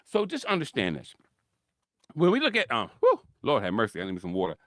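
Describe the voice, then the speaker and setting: A man's voice: mid-range voice, wildly swooping pitch, a little fast, fairly bright tone, dry recording, studio quality. A man hosting his own sports commentary, ranting his opinions with frequent laughs and repeated points for emphasis. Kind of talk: opinionated solo sports rant.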